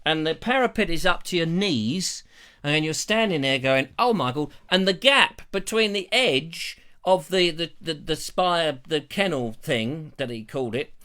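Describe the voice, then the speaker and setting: English male host, middle-aged, bright and lively storyteller, live-stream vlogger. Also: a little high, a little slow, smooth. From England. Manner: animated, mimics bell sounds and voices. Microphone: lavalier.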